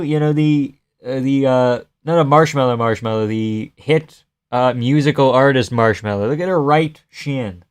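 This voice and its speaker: A man's voice: medium pitch, normal speed, smooth. Man, live streamer, casual fight commentary, joking, offhand. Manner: offhand, joking, swears freely.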